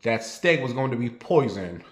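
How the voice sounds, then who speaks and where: New man, casual storyteller, blunt and profane, mid-pitched, recorded in a roomy space. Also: big pitch swings, moderate pace. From New York. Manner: rambling, blunt and profane, talks straight to viewers. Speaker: vlogger. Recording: roomy echo.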